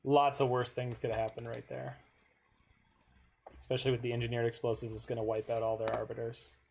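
A man's voice: medium pitch, flat delivery, fairly quick, vocal fry, a little hiss or hum. A man giving casual commentary on his own card game, talking to himself and swearing when plays go wrong. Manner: frustrated outbursts and swearing; talks to himself while playing. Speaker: gaming streamer.

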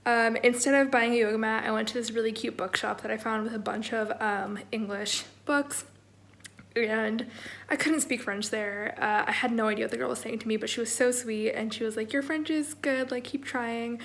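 A woman's voice: fairly high pitch, fairly even intonation, brisk, vocal fry, fairly bright tone, low-quality recording. A woman in her twenties talking casually to her phone camera in a self-deprecating, chatty vlog. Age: 20s. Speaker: vlogger.

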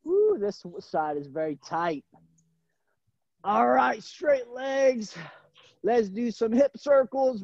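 A man's voice: very high-pitched, sing-song, slow, creaky, long pauses, darkish tone, dry recording. Upbeat male coach on a lo-fi video call. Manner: upbeat, encouraging, calls out kids by nickname. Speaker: gymnastics coach. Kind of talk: live virtual fitness class. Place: gym. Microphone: camera mic on a video call.

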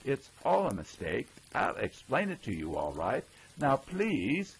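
A man's voice: mid-range voice, wildly swooping pitch, measured pace, slightly rough, pitched above the performer's own voice, exaggerated voice. A man voicing a theatrical actor who begs and declaims melodramatically. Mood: pleading. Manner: melodramatic, begging. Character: theatrical, pleading actor husband.

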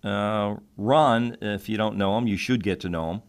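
A man's voice: on the low side, normal speed, clear, resonant tone. A man hosting an interview, asking questions in a friendly way and laughing easily. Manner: friendly, laughs often, short prompts. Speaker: interview host. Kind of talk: casual interview.

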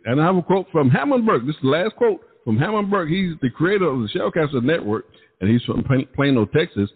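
Man, gospel radio host, emphatic showman delivery, slightly high voice, long reverb. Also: big pitch swings, fairly quick. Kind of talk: gospel radio show hosting. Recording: tinny phone-like sound, long reverb.

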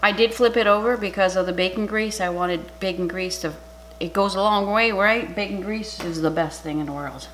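A middle-aged cooking channel host with a Canadian accent chats excitedly through a casual vlog in her home kitchen, now and then dropping to a whisper over the food. Her voice is medium-pitched and moderately paced, and the home recording is noisy.

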